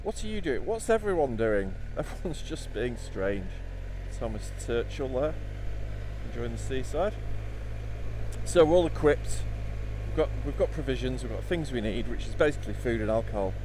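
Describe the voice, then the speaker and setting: A man's voice: medium pitch, lively intonation, normal speed, a little mellow, slight background noise. A man vlogging about a motorcycle trip, rambling, sardonic and full of swearing. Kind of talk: casual chat to camera.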